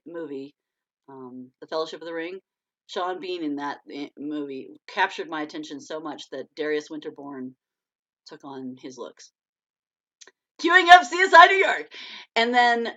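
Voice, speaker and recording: A woman's voice: deep voice, fairly bright tone. A woman author hosting a casual live stream, chatting and laughing often as she reads viewer comments aloud. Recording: dull lo-fi stream audio.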